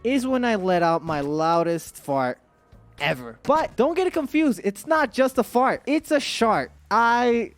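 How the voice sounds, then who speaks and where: A man's voice: extremely high pitch, expressive, measured pace, soft background music. A young man telling a crude personal story to his stream chat, rambling and restarting often as he goes. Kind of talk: storytime vlog.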